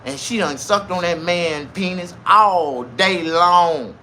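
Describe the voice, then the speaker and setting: A man telling a crude comedic story in an animated, repetitive way, laughing at his own tale. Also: high voice, takes it slowly, slight background noise.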